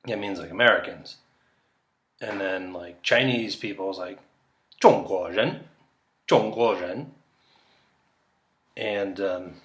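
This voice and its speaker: A man's voice: on the low side, pushed and bright, echoey room. A young man doing casual solo chess commentary, rambling and joking with frequent laughs, tired late at night.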